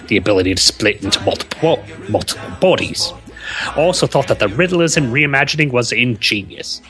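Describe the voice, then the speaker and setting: Guy doing a goofy australian accent for a comic fan's letter, bright hammy read. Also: mid-range voice. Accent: put-on Australian. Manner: hammy, exaggerated reading. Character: male Australian comic-book fan letter writer.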